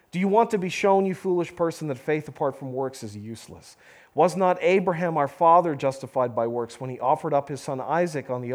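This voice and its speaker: A man preaching a sermon, reading scripture and explaining it earnestly, with slow emphatic pauses. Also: medium pitch. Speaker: pastor.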